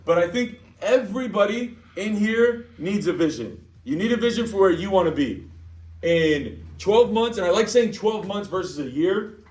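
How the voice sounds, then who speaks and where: A man giving an energetic sales training talk to a group, repeating his phrases. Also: sits high, moderate pace. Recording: echoey room, distant mic.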